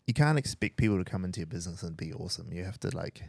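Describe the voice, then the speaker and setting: Gravelly low-voiced man, joking around. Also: animated, very fast, darkish tone, no room sound. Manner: joking, rambling, self-correcting. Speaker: podcast host, business owner. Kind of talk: casual chat.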